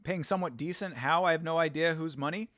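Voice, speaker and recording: A man's voice: on the high side, quick pace, fairly bright tone, dry recording, clean studio sound. A man hosting a live watch-along stream, chatting casually, reading out chat and rambling through stories with restarts.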